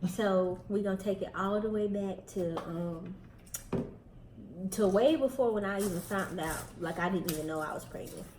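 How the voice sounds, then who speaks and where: A young Southern woman talks chattily to her viewers between bites, slightly out of breath. Her voice sits at a middle pitch and sounds roomy, with a faint hiss behind it. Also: moderate pace. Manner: chatty, addresses viewers directly. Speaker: vlogger host. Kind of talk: casual chat while eating.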